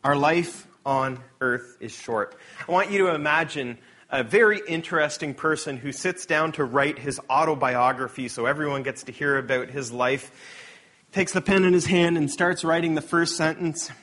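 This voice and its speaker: Man, sermon, slightly high voice, animated delivery, loud emphatic readings, soft asides. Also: normal speed. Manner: reads scripture aloud with sarcastic emphasis. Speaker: preacher.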